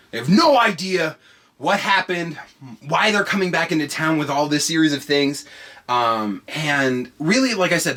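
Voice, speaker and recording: A man hosting a podcast, telling a story comedically with heavy swearing, jumping between hushed lines and shouting. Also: a little high, husky. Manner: profane, excitable, swings between hushed and shouting. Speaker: podcast host.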